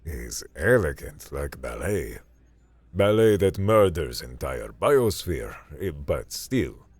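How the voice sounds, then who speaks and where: A man's voice: a bass voice, very animated, slow, a little mellow, dry recording, heavily acted. A man voicing an eager male Russian explosives expert with a thick Russian accent and broken English. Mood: admiring.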